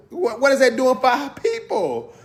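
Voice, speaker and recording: A man with a high-pitched voice delivers an impassioned monologue in African American Vernacular English. He talks in a heated, preachy way, full of slang, and hammers his points home by repeating them. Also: huge pitch swings, a little slow. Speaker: video host.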